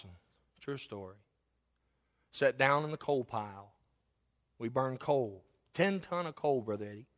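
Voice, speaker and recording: A man's voice: medium pitch, fairly bright tone. A middle-aged male pastor, preaching a sermon with stories that build to an emphatic, rising delivery.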